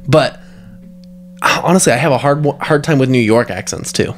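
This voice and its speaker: A man co-hosting a podcast, chatting casually with halting restarts. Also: medium pitch, slight background noise. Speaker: podcast co-host. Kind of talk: casual chat.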